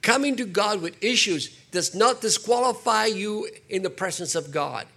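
An older man preaching a sermon, animated, slipping into acted quotes and jokey asides. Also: high-pitched, moderate pace, vocal fry, husky. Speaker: pastor.

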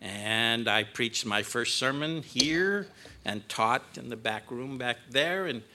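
A man in his sixties, preaching as a guest in a church sanctuary, starts an emotional sermon choked up and poking fun at himself. His mid-range voice is animated, bright and forceful, and he takes his time with the words.

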